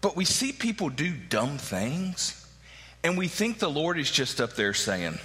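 A man's voice: on the high side, sing-song, a little slow, bright, forceful tone. A man, preaching a conversational sermon in a church, often tossing in "right?" to the congregation. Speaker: pastor. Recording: long hall reverb.

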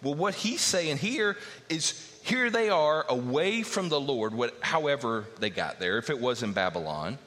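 A man's voice: medium pitch, animated, normal speed, hardly any pauses, fairly bright tone. A man preaching a sermon earnestly, teaching verse by verse and acting out the voices he quotes. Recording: long hall reverb.

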